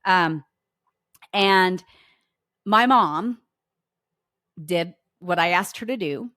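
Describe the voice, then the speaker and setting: A woman's voice: on the low side, expressive, drawn-out words, fairly bright tone, dry recording, clean studio sound. A middle-aged woman hosting a homeschooling podcast, chatting casually and telling family stories as she acts out the dialogue. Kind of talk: casual anecdotal talk to listeners.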